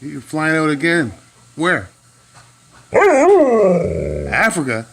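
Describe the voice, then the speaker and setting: A man's voice: fairly high pitch, slow, bright, forceful tone. A man chatting playfully with his dog, asking teasing questions. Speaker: dog owner. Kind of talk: playful one-sided chat with his dog.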